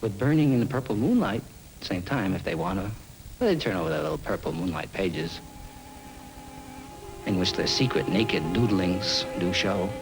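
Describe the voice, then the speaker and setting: A man's voice: sits low, animated, normal speed, background noise. A man narrating a film in improvised spoken word, rhythmic and free-associating.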